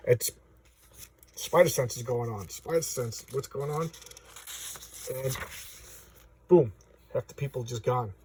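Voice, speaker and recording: A comic book reviewer speaks slowly and pauses often, his medium-pitched voice warm. He rambles with enthusiasm in casual chat, filling it with fillers and restarts, recorded on a distant mic with slight background noise.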